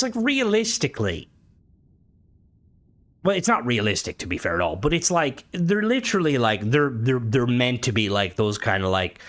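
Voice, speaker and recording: Streaming a game, this man talks in a casual, sweary, rambling way that keeps cutting off and starting over. His voice is mid-range with a fairly bright tone.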